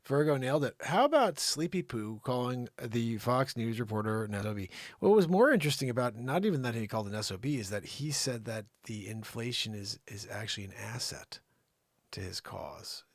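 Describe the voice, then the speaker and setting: A man hosting an improvised comedy news show, rambling and joking, often dropping into low mumbles. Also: lively intonation, brisk, dry recording, studio quality.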